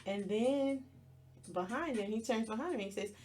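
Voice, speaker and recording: A woman's voice: fairly high pitch, normal speed, darkish tone, soft background music. A woman hosting a podcast, telling the plot of a show step by step in a casual, storytelling way. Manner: storytelling, plainly retells scenes step by step. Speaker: podcast host. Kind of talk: casual movie recap.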